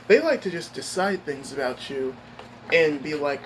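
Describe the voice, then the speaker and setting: A young man with a slightly high voice rambles through a story from work, emphatic and expressive. He talks casually, piling on fillers and restarts as he vents to his viewers. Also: moderate pace, a little hiss or hum, low-quality recording. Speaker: streamer giving a life update.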